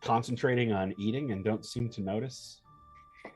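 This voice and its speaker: A man runs a tabletop game, describing scenes in a fairly low voice. He hesitates a lot, with fillers and restarts. Faint music plays behind him. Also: moderate pace, darkish tone. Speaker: game master.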